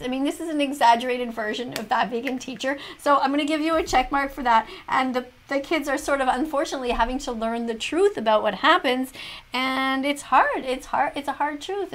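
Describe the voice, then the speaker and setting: In a high, somewhat bright voice, a woman takes on the role of a teacher reacting to a video. She lectures and moralizes in a mock-classroom style, grading with check marks.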